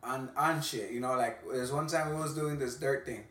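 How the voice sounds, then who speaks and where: A man who is a boxer, chatting in a laid-back, profane, halting way as a guest. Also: mid-range voice, fairly bright tone. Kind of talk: casual chat. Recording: roomy, distant mic.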